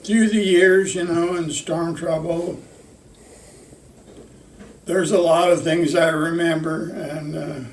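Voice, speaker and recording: An older man, a retired lineman, telling work stories in a halting way with many pauses and fillers. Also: a little high, fairly even intonation, a little hiss or hum. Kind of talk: casual storytelling. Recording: roomy sound from a distant mic.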